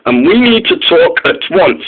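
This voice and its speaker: A man's voice: on the high side, very animated, moderate pace, husky. Stern male railway chief, cross and scolding, voiced by a man. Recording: tinny phone-like sound.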